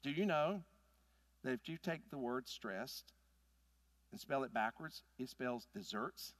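A man, preaching a sermon in an animated, folksy storytelling manner. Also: medium pitch, a little slow, no echo. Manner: animated, folksy storytelling with big swings in loudness. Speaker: pastor.

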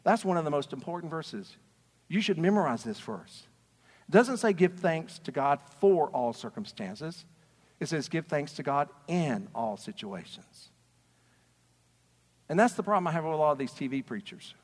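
A man preaching a sermon as a pastor, passionate and swinging between quiet talk and shouting. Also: a little high, sing-song, normal speed, big-room sound. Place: church sanctuary.

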